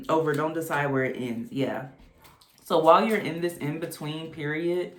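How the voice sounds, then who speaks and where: A woman's voice: deep voice, a little slow, background noise. A woman casually reading tarot cards, chatty and exclamatory. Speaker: tarot reader. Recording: echoey room.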